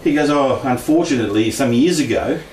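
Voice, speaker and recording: In an echoey room with a distant mic and faint noise, a chatty Australian man shares paranormal experiences as casual storytelling. His mid-range voice is animated, fairly quick, and darkish in tone, and he laughs often and acts out quoted voices.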